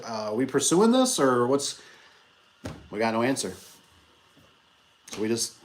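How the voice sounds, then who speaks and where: A man who owns a small business telling a rambling story in an animated, casual way, acting out the people he quotes. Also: medium pitch. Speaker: business owner vlogger.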